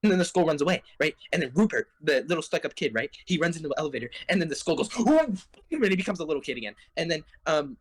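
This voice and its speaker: A man's voice: fairly high pitch, big pitch swings, fast, hardly any pauses, husky. A young man casually retelling a video game's plot in long run-on sentences, tossing in "right?" and "bruh" as a podcast co-host. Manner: rambling, run-on storytelling with frequent "right?" and "bruh". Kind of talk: casual chat recapping a game plot.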